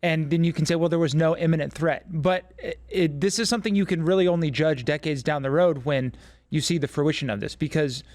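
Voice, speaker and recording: A male co-host talking fast through his explanations. His voice is slightly high and sounds dry and close. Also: a little mellow, no echo. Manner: quick, explanatory talk. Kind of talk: political discussion.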